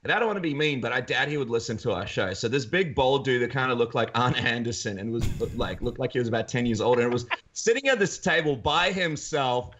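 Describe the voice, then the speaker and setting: A man's voice: mid-range voice, lively intonation, fairly quick, few pauses, fairly bright tone, highs cut off, slight background noise. An Australian man hosting a podcast, telling rambling stories and joking around in casual banter. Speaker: podcast host.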